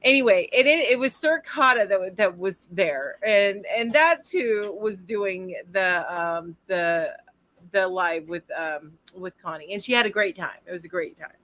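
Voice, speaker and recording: A woman co-hosting a casual crochet livestream over a video call, chatty and quick to laugh. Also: mid-range voice, animated, pushed and bright. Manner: bubbly, laughs often, chatty asides.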